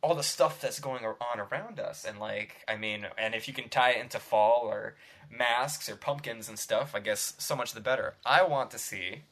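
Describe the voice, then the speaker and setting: A man's voice: mid-range voice, normal speed, fairly bright tone. A man hosting a casual podcast chat about tabletop role-playing, rambling and laughing between phrases. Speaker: podcast host.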